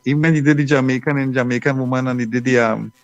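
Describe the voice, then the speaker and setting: Man, gravelly voice, soft and halting, dull dry recording. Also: mid-range voice, fairly even intonation, dry recording. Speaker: radio guest. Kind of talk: casual radio chat. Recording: dull, dry radio sound.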